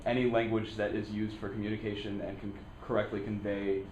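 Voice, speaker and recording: A man's voice: lowish voice, flat delivery, fast talker, background noise. A male student explaining his view in a classroom discussion, thinking aloud and searching for words. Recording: echoey classroom audio.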